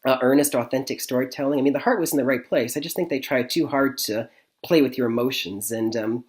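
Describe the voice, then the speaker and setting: A man's voice: medium pitch, fast talker, darkish tone. A man from Michigan reviewing movies in a casual vlog, rambling, with lots of fillers and chuckles. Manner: rambling, many fillers and restarts, frequent chuckles.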